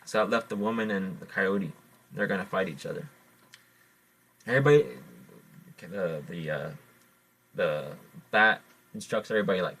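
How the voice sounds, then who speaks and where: A man with a low voice retells a traditional animal story. He halts often, fills gaps with "uh," and repeats his words as he goes. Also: fairly bright tone. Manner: halting, repeats words, fillers. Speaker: podcast host. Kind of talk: oral storytelling.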